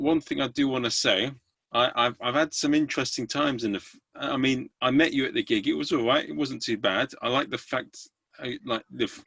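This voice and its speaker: A man's voice: medium pitch, gravelly, fairly bright tone, breathy edge, dry recording. A man hosting a podcast, chatting casually in a hesitant, rambling way with many restarts. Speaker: podcast host. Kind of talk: casual interview chat.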